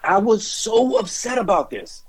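A man co-hosting a podcast, telling a lively story with emphatic repetition into a studio mic. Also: high-pitched, a little slow, slightly rough, rough recording. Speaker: podcast co-host. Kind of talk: animated storytelling chat.

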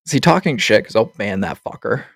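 A man's voice: lowish voice, animated, a little fast, gravelly, no room sound, studio quality. Laid-back swearing male podcast host. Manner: loose and profane, laughs often. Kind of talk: casual chat.

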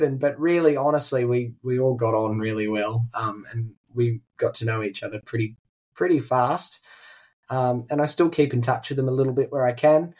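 A teenage man with an Australian accent, chatting casually as a guest in an interview, with lots of ums and restarts. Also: medium pitch. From regional New South Wales, Australia. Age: teens. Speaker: guest musician.

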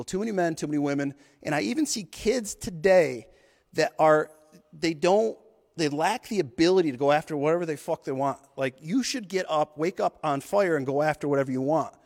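Male podcast host, 30s, intense and profane motivational delivery, slightly high voice, reverberant hall sound. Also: darkish tone. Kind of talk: motivational monologue.

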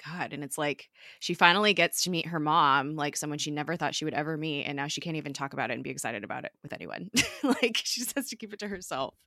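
A woman's voice: sits low, animated, fast, sharp tone, no echo, studio quality. A woman casually recapping a TV episode in a chatty, emotional way, full of fillers like "like" and "um".

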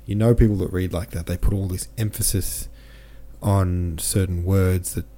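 A man's voice: low voice, steady tone, normal speed, mellow. A man hosting a podcast, talking casually and rambling through a book discussion while reading listener comments aloud. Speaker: podcast host.

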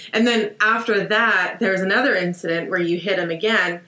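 A woman chatting casually as a guest, full of "like" and quick laughs. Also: mid-range voice, fairly even intonation, pushed and bright. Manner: chatty, peppers speech with "like" and laughs. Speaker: guest, wife of a player. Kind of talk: casual podcast chat. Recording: roomy echo.

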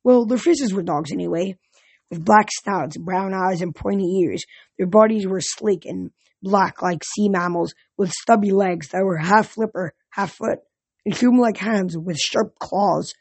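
Brief: amateur storybook narrator, husky voice, frequent stumbles, dry close sound. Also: mid-range voice, unhurried, no echo. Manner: stumbling over words and restarting. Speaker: audiobook reader.

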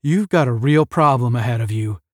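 A hulking young cadet, voiced by a male reader, grumbles in a gruff, weary voice. He talks slowly and heavily. The sound is dry and close. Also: medium pitch, dry recording, close to an everyday voice. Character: big, strong young male cadet Astro, tired and gruff.

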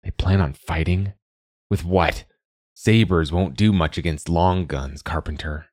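A man's voice: low voice, steady tone, measured pace, a little mellow, dry recording, studio quality. A man voicing a cross, guarded old spinster who talks in curt, snappish lines. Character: old woman, cross, guarded, sharp-tongued.

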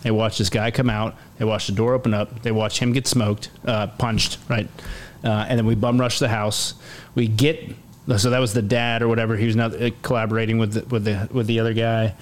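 An army command sergeant major in his forties, guesting on a podcast, relates a war story in a relaxed interview. His fairly low voice moves fairly quickly over slight background noise, and he's animated, acting out quotes with plenty of fillers and restarts.

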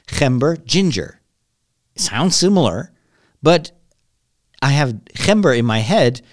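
Animated Dutch man, lively podcast host. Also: fairly high pitch, slow, no room sound, clean studio sound. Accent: American-influenced English. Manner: animated, rambling, with restarts and dramatic emphasis. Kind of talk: casual solo podcast monologue.

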